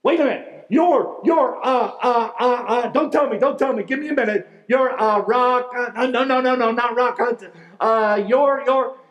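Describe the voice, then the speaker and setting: A man voicing an excited, flustered stranger who stammers and repeats himself while fumbling for a name, raised high above his own preaching voice. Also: normal speed, echoey room.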